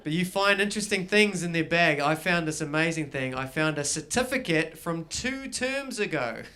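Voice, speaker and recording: A man's voice: on the high side, expressive, moderate pace, bright, forceful tone. New Zealand man doing stand-up storytelling. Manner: storytelling, acting out both sides of dialogues. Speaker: stand-up comedian. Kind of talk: live stand-up set. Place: small garage gig before a live audience.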